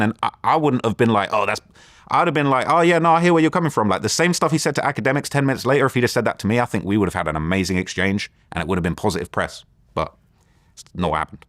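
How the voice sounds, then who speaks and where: A man with a London accent, an interview guest, retelling a tense encounter in a rambling, animated way. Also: on the low side, rapid-fire, no room sound, studio quality. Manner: rambling, animated retelling with quoted back-and-forth. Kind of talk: casual storytelling interview.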